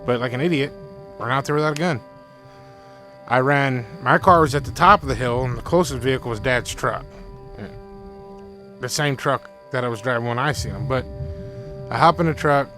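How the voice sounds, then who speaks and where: A young man casually relates something frightening that happened to him, wandering and repeating himself and relaying his friend's words in excited bursts. His pitch is medium, his pace moderate, and faint music plays on the rough recording.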